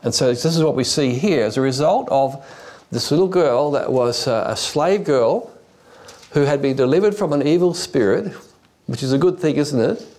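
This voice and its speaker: A man's voice: a little high, animated, normal speed, a little mellow. Man preaching an expository sermon. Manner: digressive storytelling with frequent restarts and fillers.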